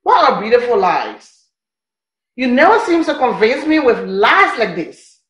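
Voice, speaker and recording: A woman's voice: fairly high pitch, big pitch swings, a little slow, fairly bright tone. An actress with a Liberian English accent playing a suspicious young wife, scolding her husband for his lies. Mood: accusing. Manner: accusing, scolding. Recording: echoey room.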